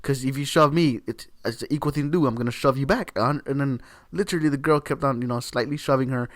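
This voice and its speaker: A man's voice: mid-range voice, quick pace, no echo. Male vlogger, mid-range voice, profane and heated, circles back on his points; dry, deadened recording. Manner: heated, repetitive, swears often, leans on "literally". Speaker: video creator. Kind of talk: opinion rant to camera.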